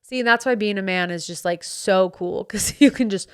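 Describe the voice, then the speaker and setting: A woman hosting a podcast, telling a story in casual chat and acting out her friends' lines in quick put-on voices, recorded close on a studio mic. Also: medium pitch, clear, resonant tone. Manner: animated, acts out friends' voices in quotes. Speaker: podcast host. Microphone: studio microphone.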